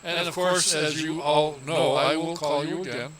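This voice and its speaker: A middle-aged radio host who trades teasing banter with his guest. His voice sits a little high, and a loud live crowd fills the background. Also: steady tone, normal speed. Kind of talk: live talk show hosting.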